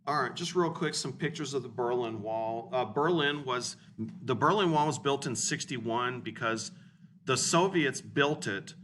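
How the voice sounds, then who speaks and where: A man's voice: medium pitch, measured pace, a bit bright. A man in his forties lecturing as a history teacher, blunt and informal, often checking in with his students. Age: 40s. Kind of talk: recorded classroom lecture. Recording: distant mic with room noise.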